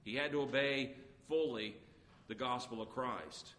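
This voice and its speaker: A man's voice: medium pitch, measured pace, fairly bright tone. A man preaching an earnest sermon, reading scripture aloud between his own explanations, with frequent "uh" fillers. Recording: long reverb, faint background noise.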